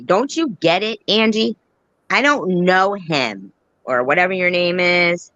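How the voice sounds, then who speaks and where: A woman's voice: lowish voice, sing-song, slow pace, long pauses, fairly bright tone. A woman hosting a casual live-stream commentary, joking crudely and swearing freely. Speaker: commentary host. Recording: dull muffled dry sound.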